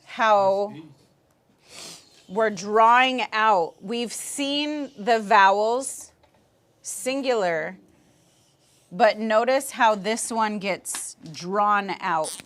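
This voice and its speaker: A woman language teacher leads her class at a very unhurried pace. She models each word patiently and repeats it for her students. Her pitch sits in an ordinary middle range. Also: a bit bright. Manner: patient, repeats words slowly for learners.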